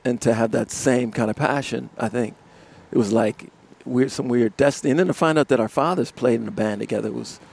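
Gravelly man telling stories and laughing. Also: mid-range voice, brisk, hardly any pauses. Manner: animated storyteller, laughs often. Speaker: musician guest. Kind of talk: casual storytelling interview. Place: outdoors in front of a music studio complex.

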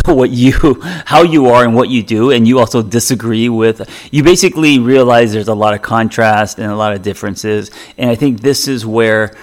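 Low-voiced man musing on a podcast. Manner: reflective, loose, repeats words and restarts. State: choking up from a drink. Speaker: podcast host and therapist. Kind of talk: solo podcast talk.

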